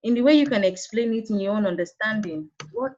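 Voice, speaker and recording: A woman's voice: mid-range voice, expressive, a little fast, a little mellow. A woman with a Nigerian accent teaching secondary school English over an online call, patient and coaxing as she calls on students by name. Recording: dull lo-fi online call audio.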